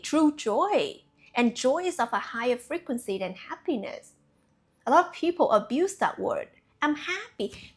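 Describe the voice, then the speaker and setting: A young spiritual coach gives her viewers a casual, animated talk, playful, quick to laugh, and swearing offhandedly. Her voice sits high.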